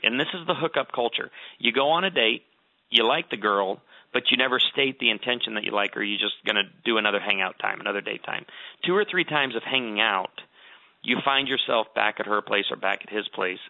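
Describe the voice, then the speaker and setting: A man's voice: mid-range voice, creaky, dry recording. A middle-aged man giving earnest advice, telling stories with emphasis in a conversational talk. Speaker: guest author. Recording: tinny phone-like line.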